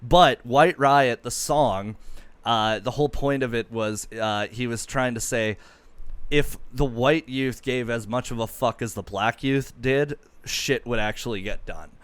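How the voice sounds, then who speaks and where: A man's voice: medium pitch, unhurried, clean tone, no echo. A man hosting a comedy podcast in casual chat, telling stories loosely with many fillers.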